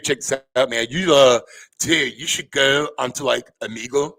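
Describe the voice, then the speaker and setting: A man's voice: mid-range voice, normal speed, sharp tone. A man imitating a laid-back young male sports fan who drags out every "dude".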